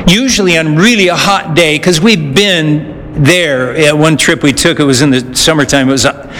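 Male pastor, slightly high voice, slow and earnest, halting fillers; large echoey hall. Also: a bit bright. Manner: earnest, with frequent "uh" pauses and restarts. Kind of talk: sermon. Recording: echoey hall, faint noise.

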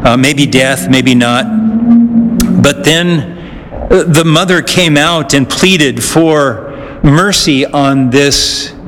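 Male pastor, slightly high voice, slow and earnest, halting fillers; large echoey hall. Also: a bit bright. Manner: earnest, with frequent "uh" pauses and restarts. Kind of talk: sermon. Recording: echoey hall, faint noise.

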